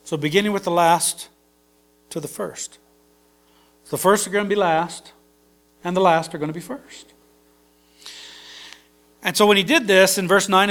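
A man with a notably high voice gives a relaxed, conversational sermon. He reads a passage, then unpacks it in plain everyday words, with fillers and little asides as he goes. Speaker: preacher. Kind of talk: informal sermon.

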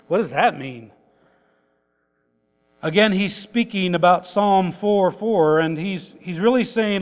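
A man's voice: high-pitched, a little slow, pauses often. An older man preaching a conversational sermon as pastor, folksy and chuckling, building to emphatic points. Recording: reverberant hall.

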